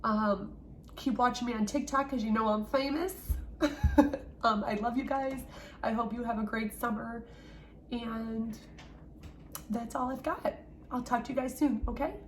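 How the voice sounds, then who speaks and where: A woman's voice: a little high, steady tone, unhurried, long pauses, a little hiss or hum. A woman teacher recorded at home, talking earnestly and encouragingly straight to her young students in a farewell message. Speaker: third-grade teacher.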